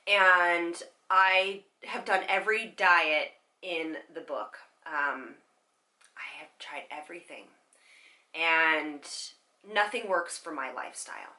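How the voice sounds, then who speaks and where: A young woman talking candidly and haltingly to her viewers in a personal vlog, tearful at times, with many fillers. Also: on the low side, sharp tone. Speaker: vlogger.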